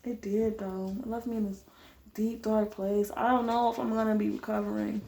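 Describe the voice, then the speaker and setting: A young woman chatting casually on her reading vlog, dramatic and expressive, full of slang. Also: mid-range voice, moderate pace, vocal fry, slight background noise. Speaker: book-reading vlogger.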